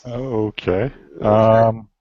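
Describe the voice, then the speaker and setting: A man co-hosting a podcast who talks in a hesitant, low-key way. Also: fairly even intonation, extremely slow, no echo, dull audio. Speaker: podcast co-host. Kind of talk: casual chat.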